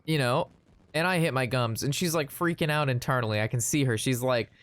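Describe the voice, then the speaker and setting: A man chatting casually while playing a card game, retelling an anecdote in an animated, rambling way. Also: medium pitch, fairly quick. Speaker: gaming streamer. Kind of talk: casual gameplay commentary with storytelling.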